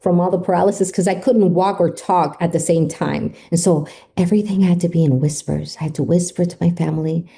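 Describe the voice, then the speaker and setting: A woman's voice: on the low side, fairly even intonation, fairly quick, creaky, hardly any pauses, dark tone. A woman guest on a podcast, emotionally retelling a personal story and acting out what people said. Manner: emotive retelling, acts out quoted speech.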